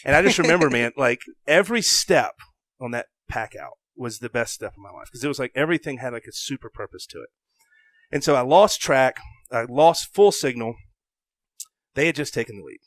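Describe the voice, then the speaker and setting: A young adult man from the South, a podcast guest telling a story in an animated way. He swings from loud bursts to hushed asides and acts out his own thoughts. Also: medium pitch, a little fast, no echo. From American South.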